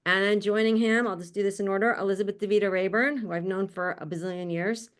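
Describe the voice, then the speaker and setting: Speaking quickly at a medium pitch in a steady tone, a woman hosts an online panel by video call. She introduces the panelists casually, keeping things upbeat and chatty and laughing often.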